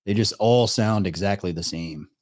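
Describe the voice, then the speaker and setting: A man's voice: on the low side, moderate pace, a little mellow. A man casually commenting as he reacts to a video, laid-back and swearing now and then. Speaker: reaction streamer.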